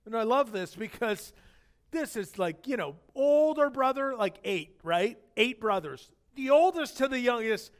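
A man preaching a sermon as pastor, animated and acting out the scripture quotes in different voices. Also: very high-pitched, measured pace.

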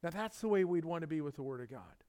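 A man giving a relaxed, conversational sermon, his voice sitting a bit high for a man. He tells everyday stories and acts out little bits of dialogue as he preaches. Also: quick pace. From Southern California. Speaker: pastor. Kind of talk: casual sermon.

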